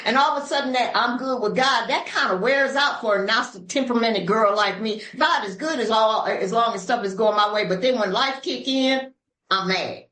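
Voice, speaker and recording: An older woman from Los Angeles speaking at a recovery meeting, telling her story in an animated, preacherly way with sudden voice shifts. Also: fairly high pitch, normal speed, roomy sound, poor audio. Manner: African American Vernacular English grammar. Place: meeting room.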